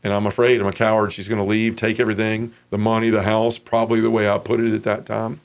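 Candid man, fairly low voice. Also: little pitch movement, quick pace. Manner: casual and frank, peppered with "man", "dude" and "like". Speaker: interview guest. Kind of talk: candid personal testimony.

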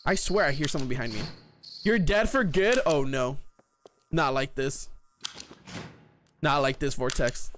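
A man's voice: mid-range voice, measured pace, long pauses, a little hiss or hum. A man streaming a horror game, talking to his chat and shrieking whenever something scares him. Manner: excitable, shrieks when scared. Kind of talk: live gameplay commentary.

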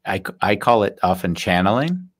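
A man's voice: deep voice, sing-song, brisk, breathy edge. A man hosting a live talk show, musing in casual conversation. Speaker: host.

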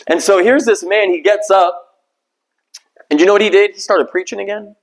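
A pastor delivers a sermon in a relaxed, conversational way, poking fun at himself as he goes. His male voice sits fairly high. He slips into little acted-out voices when he quotes people. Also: a little slow, rough recording. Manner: conversational, self-deprecating, acts out quoted voices.

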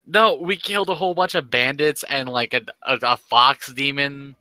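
A man playing a tabletop game, casual and halting, swearing freely. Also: mid-range voice, steady tone, pushed and bright, smooth, dry recording. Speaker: player.

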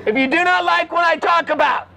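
An older man preaching in the open air, fervent and scolding, often shouting at his listeners. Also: very high voice, fairly quick, vocal fry, low-quality recording. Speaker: street preacher. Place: city street outdoors.

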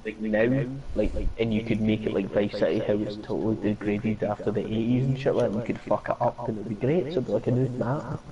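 A man's voice: fairly low pitch, fairly even intonation, fairly quick, hardly any pauses, mellow, muffled recording. A man chatting casually and crudely while streaming a game, swearing and joking. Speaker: live-stream gamer. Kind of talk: casual gaming chat.

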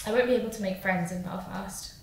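A young woman from London, a criminology student, chatting in a friendly, animated way. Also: medium pitch, quick pace, heavy reverb, distant mic, noisy background. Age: young adult. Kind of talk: casual group chat.

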